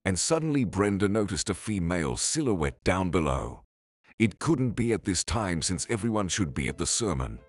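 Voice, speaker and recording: A man narrating a scripted story in an even, measured way. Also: low voice, no room sound.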